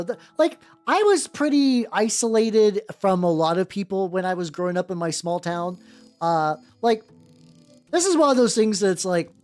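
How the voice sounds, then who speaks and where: During a casual painting livestream, an American VTuber working on miniature terrain speaks at mid pitch, wandering off topic, swearing and frequently starting over. Quiet music plays behind the voice.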